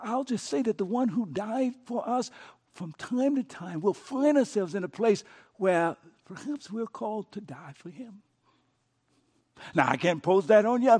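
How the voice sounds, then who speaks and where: A middle-aged man preaching a sermon as pastor, telling a story and swinging from soft, hushed moments to passionate pleas. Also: high voice, husky.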